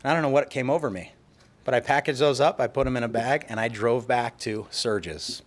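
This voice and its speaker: A man's voice: mid-range voice, brisk. A middle-aged man preaching a sermon, telling personal stories and acting out quotes of what people said. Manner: storytelling with acted-out quotes. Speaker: pastor.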